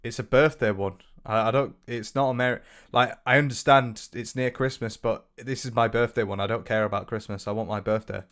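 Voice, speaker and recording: A man's voice: medium pitch, steady tone, fairly quick, a bit bright, clear, resonant tone. A British man reacting to a video in a mocking, sarcastic commentary full of swearing. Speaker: commentary streamer.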